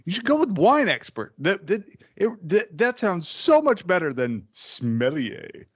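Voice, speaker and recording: A man's voice: high voice, sing-song, measured pace, breathy edge, dull audio. A man co-hosting a casual podcast, telling stories and laughing often between lines. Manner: anecdotal storytelling, laughs often. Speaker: podcast co-host. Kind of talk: casual profane podcast banter.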